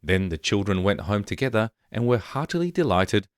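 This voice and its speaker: A man reading a fairy tale aloud in a measured, even storytelling manner. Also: lowish voice. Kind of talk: scripted fairy-tale narration.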